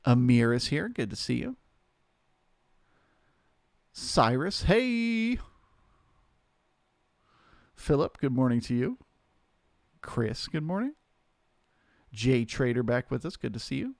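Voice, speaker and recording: Male trading-stream host, gravelly mid-pitched voice, dry close sound, easygoing live commentary. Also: slow, pauses often, dry recording. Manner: relaxed, chatty, greets viewers by name.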